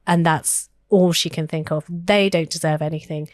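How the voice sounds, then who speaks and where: Earnest woman, low and dry. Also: fairly even intonation, moderate pace, dry recording. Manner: earnest, thoughtful, with frequent fillers and restarts. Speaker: podcast co-host. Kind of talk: history podcast conversation.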